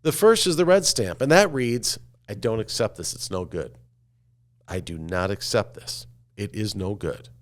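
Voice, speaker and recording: A man voicing a calm, wise middle-aged custodian who lectures in a measured, preachy way. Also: fairly low pitch, voice pushed down, close to an everyday voice. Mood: lecturing.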